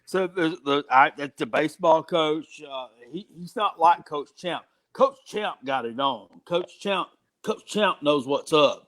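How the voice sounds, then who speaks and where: A middle-aged man chatting casually about sports, halting with many restarts and breaking into excitable outbursts. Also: a little high.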